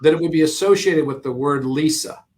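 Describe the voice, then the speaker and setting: A middle-aged man with a notably high voice talks as a podcast guest. He explains number patterns eagerly, repeating key figures for emphasis and laughing now and then. The tone is casual conversation. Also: brisk, a little mellow.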